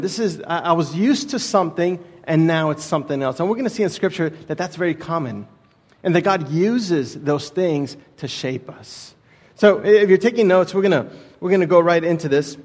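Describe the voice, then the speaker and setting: Guest preacher, thirties, from Texas; casual storyteller, slightly high voice, long hall reverb. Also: male voice. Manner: casual, storytelling, with many restarts. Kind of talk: sermon with personal story. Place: church sanctuary.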